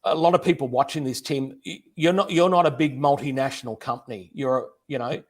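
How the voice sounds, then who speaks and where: A man's voice: mid-range voice, brisk. A man, hosting a casual livestream interview in a chatty, friendly way. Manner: chatty, friendly, repeats words. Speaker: host, interviewer.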